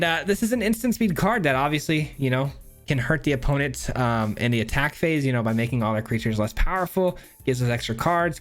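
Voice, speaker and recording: A man hosting his own channel, giving a casual, upbeat breakdown of a card game deck, rambling with lots of fillers and restarts. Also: medium pitch. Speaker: channel host.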